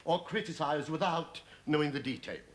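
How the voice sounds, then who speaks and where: A man plays a bumbling fireman who talks in a gentle, high-set voice, earnest and politely persistent as he fumbles through his pitch. His tone stays innocent and well-meaning. A steady hiss runs under the old TV soundtrack. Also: normal speed, close to an everyday voice. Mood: earnest muddle. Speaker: comic lead. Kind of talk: 1970s TV sitcom acting.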